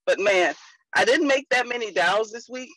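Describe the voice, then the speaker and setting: Bubbly woman agent, crisp bright voice, dry video-call sound. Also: a little high, normal speed, dry recording, rough recording. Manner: excited, gushing. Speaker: insurance agent. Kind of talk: casual video call update.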